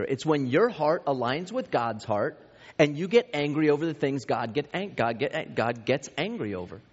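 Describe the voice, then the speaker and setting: A pastor in his thirties or forties preaching a sermon in a conversational way, telling anecdotes about his own family. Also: on the high side. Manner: conversational, with self-deprecating family anecdotes and many restarts. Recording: reverberant hall, dull lo-fi sound.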